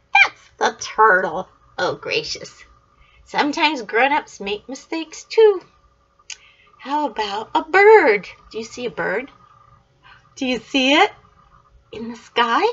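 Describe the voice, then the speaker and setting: An older woman reading a picture book aloud to young children in a gentle, sing-song way, asking questions and praising answers. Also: sits high, highs cut off.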